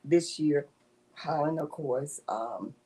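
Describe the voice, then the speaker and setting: Husky low-voiced woman telling stories. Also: takes it slowly. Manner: animated storytelling with frequent laughter. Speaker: author and guest. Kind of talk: casual interview conversation.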